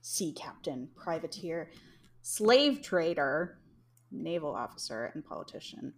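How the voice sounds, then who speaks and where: A woman's voice: low-pitched, sing-song, measured pace. A young woman hosting a casual podcast, telling history in a rambling way with frequent laughs. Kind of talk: casual chat.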